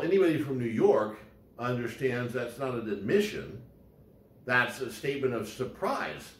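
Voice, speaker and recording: A man's voice: medium pitch, animated, a little slow. A man giving a law lecture in a conversational way, often repeating words and restarting his sentences as he explains. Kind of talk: recorded lecture. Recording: roomy echo.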